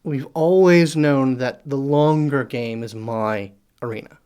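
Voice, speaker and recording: A game master voicing a calm, scheming long-lived husband. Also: mid-range voice, measured pace, clean tone, lightly acted. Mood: condescending. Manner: calm, condescending reassurance. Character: patient, scheming long-lived male gambler.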